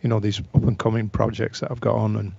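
A man's voice: fairly low pitch, little pitch movement, fast talker, gravelly, mellow, breathy edge, no echo, muffled recording. A man chatting as a guest guitarist in an interview, self-deprecating and laughing often. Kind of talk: casual interview chat.

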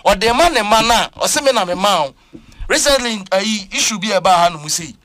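A Ghanaian man preaching on a talk program with a high, lively voice. He talks emphatically, swinging between Twi and English. The sound is close and dry, with no room around it. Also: fast, no room sound. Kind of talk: animated church talk show discussion.

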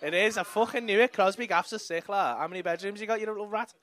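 A man's voice: sits high, quick pace, heavy background noise. A young man with a Liverpool accent doing stand-up crowd work on a comedy club stage, teasing audience members with brash, sweary banter into a handheld mic.

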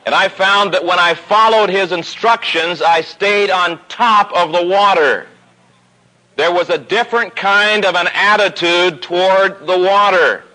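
A man preaching a sermon, telling a personal story with growing animation and pausing slowly on key points. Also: sharp tone, poor audio. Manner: storytelling, rising pitch as the story builds. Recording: old radio broadcast recording.

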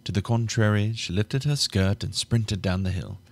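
A man narrating an audiobook live in a measured way, going back over flubbed lines. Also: fairly low pitch, fairly even intonation, gravelly.

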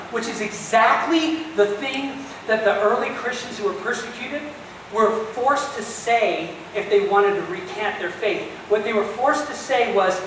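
A man preaching a sermon as a pastor, telling the story with animated emphasis and speaking directly to his listeners. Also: high voice, noisy background. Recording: very echoey distant church recording.

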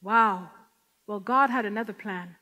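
A woman giving an impassioned testimony to a women's gathering, swinging from hushed whispers to loud, tearful outcries. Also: medium pitch, unhurried. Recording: long hall reverb.

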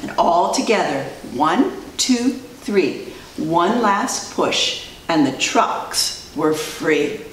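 A preschool teacher reads a picture book to little children and checks in with questions along the way. Her slow, lively voice swoops up and down. It reaches a distant mic in an echoey room with a faint hiss behind it. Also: fairly low pitch. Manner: animated, sing-song, asks children questions.

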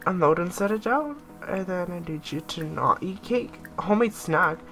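Young woman, late teens, gameplay commentary, bossy playful chatter, animated voice. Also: lowish voice, moderate pace, faint music behind. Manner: chatty, bossing her game characters around, laughing often. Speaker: gaming YouTuber. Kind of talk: casual let's-play commentary.

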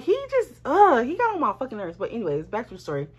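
Animated woman telling a story, slangy. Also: a little high, quick pace, breathy edge, highs cut off. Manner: animated, swearing, slangy, addresses viewers as y'all. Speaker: storytime vlogger. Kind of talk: casual storytelling to camera.

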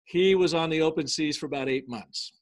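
A middle-aged man, a guest on an interview show, tells business stories in a lively way and acts out the quoted dialogue. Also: fairly high pitch, a little fast. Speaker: guest, brand storytelling consultant. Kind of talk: storytelling in a casual interview.

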